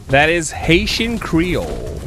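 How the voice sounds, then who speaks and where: A man's voice: on the high side, huge pitch swings, takes it slowly, creaky, over music. A man from French Canada casually chatting while streaming a game, playful and rambling, hopping between put-on accents. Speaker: gaming streamer. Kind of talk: casual gaming stream chat.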